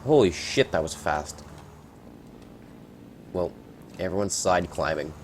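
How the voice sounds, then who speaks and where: Man, casual gameplay commentary, rambling and reactive, lowish voice, faint background hiss. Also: expressive, takes it slowly. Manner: rambling, reactive, swears at surprises.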